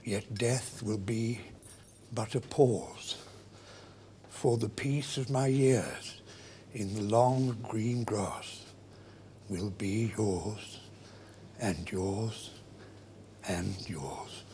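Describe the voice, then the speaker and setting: Slow, deep, solemn male reciter. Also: mellow, slight background noise. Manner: solemn, drops to a whisper. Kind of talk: slow dramatic poem recitation.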